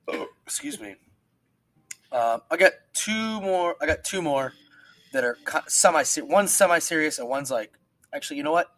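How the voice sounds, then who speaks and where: A man's voice: medium pitch, no room sound. Casual male podcast co-host, swears freely, acts out quotes, dry close mic. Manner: swearing, animated storytelling with quoted voices. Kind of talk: casual chat.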